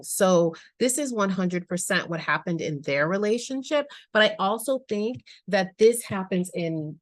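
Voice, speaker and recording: A woman's voice: fairly low pitch, dry recording. A woman giving a casual tarot reading, musing aloud and chatting to her viewers with slangy asides. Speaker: tarot reader.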